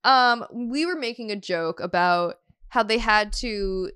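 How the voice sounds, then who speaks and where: A woman's voice: mid-range voice, measured pace, fairly bright tone, smooth, no echo, clean studio sound. A woman co-hosting a podcast in casual chat, giggling often and trailing off with fillers. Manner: giggly, laughs often mid-sentence; trailing filler-heavy phrasing. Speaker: podcast co-host.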